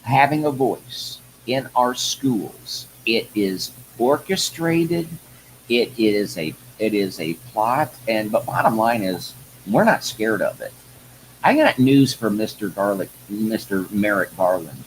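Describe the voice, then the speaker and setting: A man's voice: on the low side, animated, slow, slight background noise, rough recording. Folksy man hosting a live-stream rant. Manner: rambling, breaks into heated rants, then apologizes; folksy, addresses viewers as folks. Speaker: host of a live online show. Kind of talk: live-stream political commentary.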